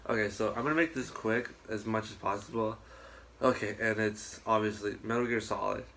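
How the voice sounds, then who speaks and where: A man chatting casually on a podcast, telling rambling, animated stories and swearing often. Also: lowish voice, brisk, gravelly, slight background noise. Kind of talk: casual chat.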